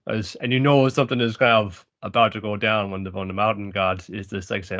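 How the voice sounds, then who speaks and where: A man co-hosting a podcast, rambling casually about anime with halting restarts and a lot of swearing. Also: fairly low pitch, fairly even intonation, fairly bright tone, highs cut off. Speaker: podcast co-host. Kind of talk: casual chat reviewing anime.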